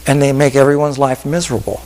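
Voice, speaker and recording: A male pastor preaching a sermon with an altar call, telling stories in a voice that drops to hushed whispers and rises to emphatic peaks. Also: mid-range voice, flat delivery, quick pace, big-room sound, slight background noise, poor audio.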